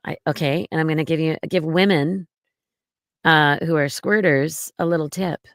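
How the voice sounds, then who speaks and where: A woman being interviewed as a guest on a podcast, talking casually in a slow, gentle, reassuring way with plenty of fillers. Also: low-pitched, steady tone, no room sound, clean studio sound. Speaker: podcast guest, mommy domme.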